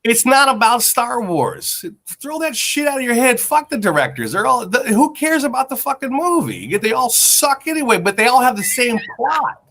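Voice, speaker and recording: A man's voice: very high voice, big pitch swings, normal speed, few pauses, pushed and bright. A man co-hosting a podcast in casual chat, rambling and swearing as he spins a mock conspiracy theory. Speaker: podcast co-host.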